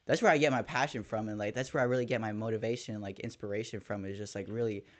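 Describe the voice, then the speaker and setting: A man's voice: on the low side, quick pace. A young man, a first-grade teacher, telling a story in casual podcast chat and dropping slang. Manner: animated storytelling with slang like "dog".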